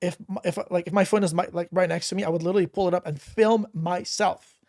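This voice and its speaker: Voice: medium pitch, fairly even intonation, fast talker, a little mellow. A podcast host chatting casually, rambling through a personal story with lots of fillers and restarts. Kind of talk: casual interview chat.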